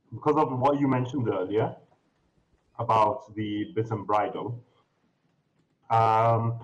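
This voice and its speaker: A man's voice: medium pitch, muffled recording. A man running a tabletop game as game master, describing the scene in a loose, rambling way full of ums and restarts.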